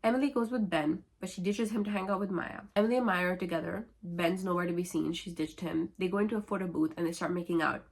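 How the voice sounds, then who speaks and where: A woman's voice: lowish voice, fast talker, vocal fry, few pauses, slightly rough. A woman who is a book vlogger, summarizing novels in a casual, wry and sarcastic way.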